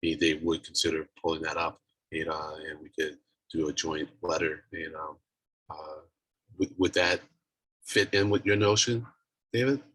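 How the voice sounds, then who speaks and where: A man chairing a virtual meeting on a video call, talking in a halting way with many restarts and fillers. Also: rumbling low, steady tone, a bit bright, husky, dry recording, poor audio. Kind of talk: casual virtual meeting talk. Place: home office on a video call.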